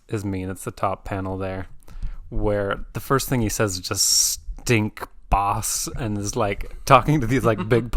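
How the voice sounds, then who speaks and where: Male comics reviewer, casual, explanatory, low voice, dry close recording. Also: a bit bright, no echo. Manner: explanatory, recapping the story with fillers. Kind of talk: casual chat.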